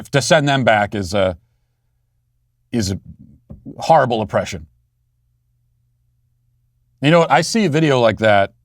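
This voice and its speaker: Male show host, mid-pitched, sarcastic and mocking, dry close studio sound. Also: dry recording. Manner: mocking, does sneering voices of opponents. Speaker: political commentary host. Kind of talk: sarcastic political commentary monologue.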